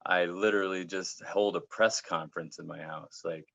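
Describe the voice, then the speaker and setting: A man co-hosting a podcast in casual chat, rambling and halting with restarts. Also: deep voice, fairly even intonation, creaky, a bit bright, no echo, muffled recording. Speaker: podcast co-host.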